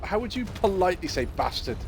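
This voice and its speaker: A man streaming a video game, chatting casually and teasing his co-player with animated stories. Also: high voice, fairly quick, noisy background. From United Kingdom. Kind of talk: casual chat while gaming.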